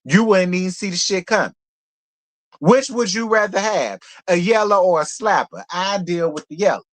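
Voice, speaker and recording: A man hosting a casual reality TV recap, talking bluntly and profanely in an animated, opinionated way. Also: high-pitched, normal speed. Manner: animated, opinionated gossip talk. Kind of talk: casual review commentary.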